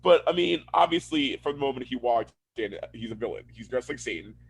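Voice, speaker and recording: A man's voice: medium pitch, expressive, brisk, vocal fry, a little hiss or hum, low-quality recording. A man co-hosting a casual podcast, rambling through a review and acting out characters as he retells scenes. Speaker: podcast co-host.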